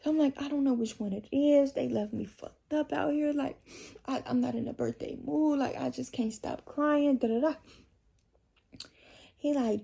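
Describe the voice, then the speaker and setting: A woman's voice: sits high, moderate pace, gravelly, dark tone, husky. A young woman vlogger telling a casual storytime, chatty and profane, talking straight to her viewers.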